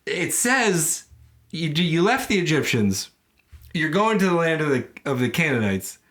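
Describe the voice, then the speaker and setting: A man's voice: fairly high pitch, very animated, unhurried, a bit bright. A man co-hosting a podcast, chatting casually about scripture with rambling jokes and playful quoted voices. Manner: rambling, joking asides, jumps into silly quoted voices. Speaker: podcast co-host. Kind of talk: casual comedic Bible discussion.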